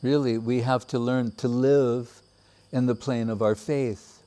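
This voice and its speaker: A man giving a measured, reflective devotional talk with many pauses. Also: medium pitch, fairly even intonation, dark tone. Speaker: spiritual teacher. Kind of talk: devotional discourse.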